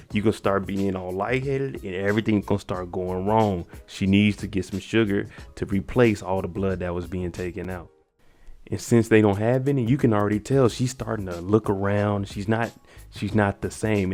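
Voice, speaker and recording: Guy recapping an episode, kinda low voice, chatty, quick bits of character voices, some faint music behind. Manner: animated retelling, acts out characters' lines. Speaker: show recap host. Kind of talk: casual spoken episode recap.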